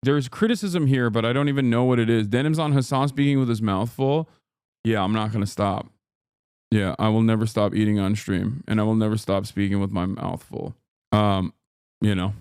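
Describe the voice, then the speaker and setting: A man's voice: fairly low pitch, gravelly, a little mellow, clear, resonant tone, no echo, studio quality. A man streaming and reacting to clips in casual commentary, blunt and profane, rambling with many fillers. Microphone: streaming microphone with noise gate.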